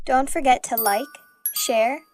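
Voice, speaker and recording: Slow, high-voiced woman reading English dialogues. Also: steady tone, soft background music. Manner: slow, clear, evenly paced reading of both parts in short dialogues. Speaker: English teacher. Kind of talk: reading dialogues for listen-and-repeat practice.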